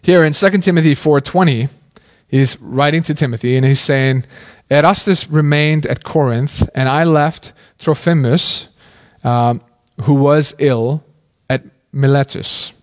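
A man's voice: fairly high pitch, measured pace. A man preaching a sermon in a casual, conversational way, asking many questions and often saying "like". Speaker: pastor.

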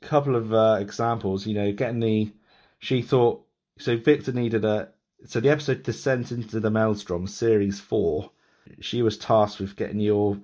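A man's voice: fairly low pitch, steady tone, normal speed, a little mellow. A man in his thirties hosting a podcast, chatting loosely with many restarts and laughs. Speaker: podcast host. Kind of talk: casual interview chat.

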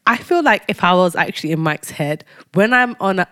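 A woman's voice: lowish voice, lively intonation, a bit bright, no room sound, studio quality. A woman co-hosting a casual podcast with her husband, bantering and protesting his teasing. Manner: playful, indignant protests, quick comebacks. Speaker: podcast co-host.

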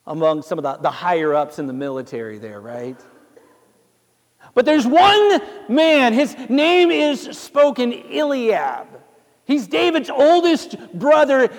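A man's voice: very high voice, long reverb tail. A male pastor preaching a sermon, telling the story dramatically and asking his listeners rhetorical questions.

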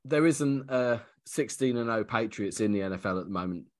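Low-voiced man breaking down football. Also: fairly quick. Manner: analytical, hesitant, laughs easily. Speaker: podcast co-host. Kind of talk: casual sports chat.

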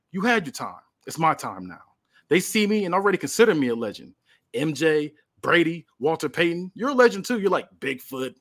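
A man's voice: a little high, breathy edge, voice pushed up. A man voicing a brash young male rookie wrestler who boasts and trash-talks in a raised, strained voice. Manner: trash-talking, boastful, taunting.

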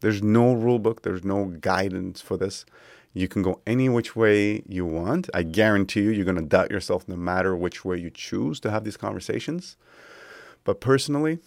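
A man's voice: sits low, creaky, dry recording, clean studio sound. A man in his thirties hosting a solo podcast, speaking in a reflective, conversational way with frequent asides. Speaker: podcast host.

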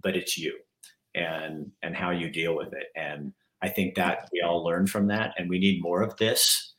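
Host: middle-aged man, very low voice, earnest and candid, echoey room. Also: fairly even intonation, a little slow, a bit bright. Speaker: podcast host. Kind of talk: heartfelt interview chat. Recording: roomy echo.

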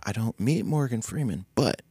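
Animated man telling a story, deep voice. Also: normal speed, husky, no room sound. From Nashville music scene. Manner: animated, acts out voices and laughs often; swears freely. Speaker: podcast guest. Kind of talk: casual storytelling.

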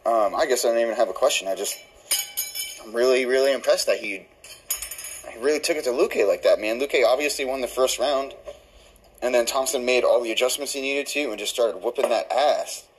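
A man's voice: mid-range voice, a little fast, a little hiss or hum, low-quality recording. A male caller talking casually and swearing as he sounds impressed. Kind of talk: recorded voicemail call.

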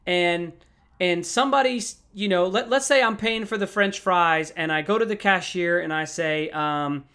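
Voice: medium pitch, moderate pace, a bit bright, clean tone. A voice in a mid-range register, delivering a motivational talk on handling anger. The speaker talks straight to the listeners and repeats key phrases to drive them home. The tone stays conversational and encouraging.

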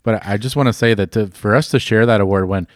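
A man in his thirties hosting a podcast, teasing and laughing with halting restarts. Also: lowish voice, no echo, clean studio sound. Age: 30s. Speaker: podcast host. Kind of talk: casual chat.

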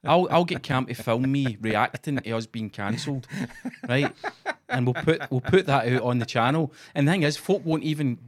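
A Scottish man co-hosting a podcast, chatting casually and telling sweary, animated stories. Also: medium pitch, moderate pace. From Scotland. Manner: sweary, animated storytelling with acted-out quotes. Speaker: podcast co-host. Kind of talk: casual chat.

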